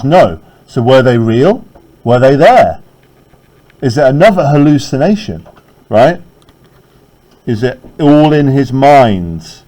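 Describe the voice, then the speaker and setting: A man's voice: mid-range voice, expressive, slow pace, long pauses, mellow, low-quality recording. A male teacher leading a classroom literature lesson, talking conversationally and often checking in with "right?".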